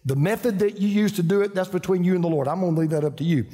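Speaking rapid-fire in a high, mellow voice, an older Southern US pastor delivers a folksy, story-filled sermon in a large hall. He frequently starts his sentences over.

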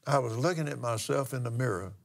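An older man, a minister telling a testimony story in a folksy, drawn-out way with pauses and restarts. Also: mid-range voice, creaky, a little hiss or hum. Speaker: minister and pilot. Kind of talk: storytelling testimony in a broadcast talk.

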